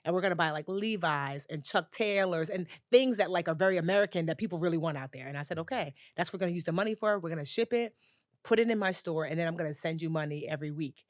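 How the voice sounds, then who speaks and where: A woman, a personal finance educator, telling a story as a podcast guest and acting out the dialogue with lively jumps in her voice. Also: fast talker, dry recording, clean studio sound. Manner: animated storyteller, acts out dialogue with big pitch jumps. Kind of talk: storytelling in a conversational interview.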